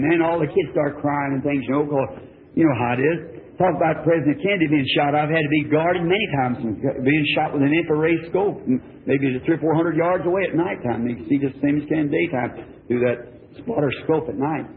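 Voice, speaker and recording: A man's voice: on the high side, brisk, a little hiss or hum. A man, preaching and telling a personal story in a folksy, plain way. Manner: folksy storytelling, voice rising when quoting others. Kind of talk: sermon testimony. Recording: tinny old phone-like recording.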